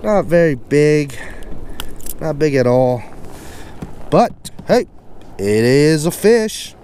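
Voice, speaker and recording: A man talking at an unhurried, drawn-out pace, narrating his fishing out on the open ocean from a kayak. He coaxes, scolds and exclaims at the fish in a chatty, casual way, his voice caught by a camera-mounted mic with faint background noise. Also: fairly high pitch, expressive, dark tone. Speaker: fishing vlogger. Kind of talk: casual play-by-play while fishing. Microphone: camera-mounted external mic.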